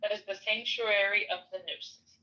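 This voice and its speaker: A woman slowly reading an old ritual text aloud in a solemn way, stumbling now and then over hard names. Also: medium pitch, steady tone, pushed and bright, muffled recording.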